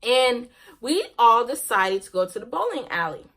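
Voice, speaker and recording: A woman's voice: a little high, very animated, normal speed, a bit bright. A young woman vlogger telling a casual personal story, laughing often and ending on a faith message.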